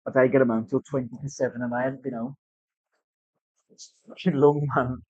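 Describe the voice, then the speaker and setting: A man's voice: mid-range voice, fairly even intonation, normal speed, darkish tone, no echo. A man with a British accent telling a casual story, swearing often and acting out other people's voices. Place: tattoo studio. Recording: dry, slightly dull sound.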